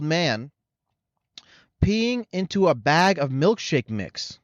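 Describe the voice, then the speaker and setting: A man's voice: a little high, very animated, takes it slowly, long pauses, dry recording. A man hosting his own show, delivering a rambling, sarcastic comedic rant full of profanity. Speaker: show host. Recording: slightly muffled dry recording.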